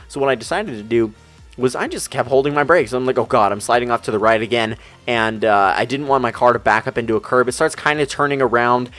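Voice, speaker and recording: An excitable young man tells a rambling story over gameplay. He talks fast in a mid-range voice. Faint music plays underneath. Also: medium pitch. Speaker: gaming YouTuber.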